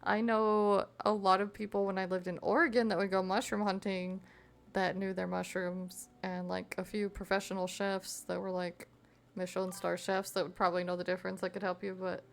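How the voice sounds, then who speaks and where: A young woman streams while she crafts, chatting easily with her viewers and reading their messages aloud between giggles. Her voice sits at an ordinary middle pitch, with a gravelly fry running through it. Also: little pitch movement, normal speed. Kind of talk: casual chat with live chat while crafting.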